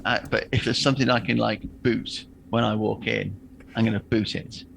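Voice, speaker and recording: A man's voice: lowish voice, steady tone, moderate pace, vocal fry, fairly bright tone, slight background noise, poor audio. A man playing a tabletop game, rambling through his plans with frequent restarts. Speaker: player.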